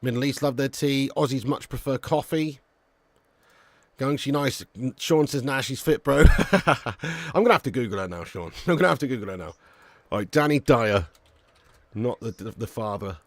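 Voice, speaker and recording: A man's voice: medium pitch, animated, moderate pace, pauses often, no echo. A man hosting a live watch-along, reading out viewer comments in loose, joking banter with frequent swearing and chuckles. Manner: laid-back banter, swears freely, chuckles often.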